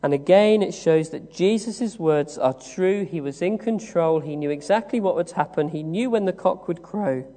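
A man from the West Country of England preaching a sermon, telling the story slowly with many "uh" pauses. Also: high voice, dark tone. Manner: measured storytelling with frequent "uh" pauses. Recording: long reverb of a large hall.

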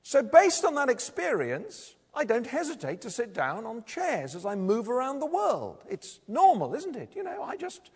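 A man's voice: very high voice, huge pitch swings, moderate pace, few pauses, a little mellow, slightly rough. A man preaching a sermon in a church, talking conversationally and putting rhetorical questions to the congregation. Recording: long reverb of a large hall.

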